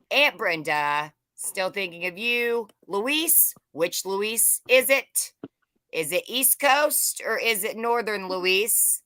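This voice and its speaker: A woman's voice: medium pitch, sharp tone, clear, resonant tone, dry recording. A woman hosting a livestream, chatting casually, joking and greeting viewers by name. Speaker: livestream host. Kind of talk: casual live-chat greetings.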